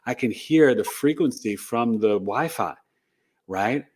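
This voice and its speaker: A middle-aged man, an astrologer, tells a personal story as an interview guest, animated and rambling, with lots of "you know" and "right?". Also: medium pitch, unhurried, slight background noise. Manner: animated, re-enacts dialogue in the telling.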